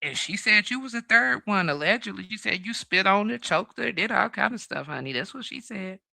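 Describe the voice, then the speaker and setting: A woman host with a bright, lively voice and a gravelly edge trades sassy quips in casual talk show banter. The sound is dry and close. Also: mid-range voice, brisk, no room sound. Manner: sassy, quips with sayings and "honey".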